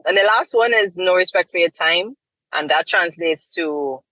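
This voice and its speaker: A woman's voice: on the low side, moderate pace, dry recording, lo-fi sound. A middle-aged woman, a voice artist, chatting animatedly and wryly about her work in an interview. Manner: animated, wry storytelling with quoted asides. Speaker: voice artist guest. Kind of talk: casual interview talk.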